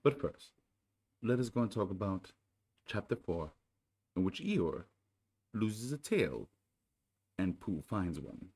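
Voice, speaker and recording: A man hosting his channel in casual chat, then reading a storybook aloud in a soothing, unhurried way. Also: lowish voice, very animated, darkish tone, husky. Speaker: channel host.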